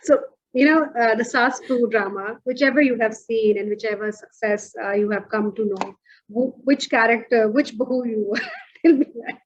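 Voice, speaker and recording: A woman hosts an interview in a casual, chatty way, with a slightly high voice. The audio sounds a little muffled. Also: normal speed. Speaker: host. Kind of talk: conversational interview.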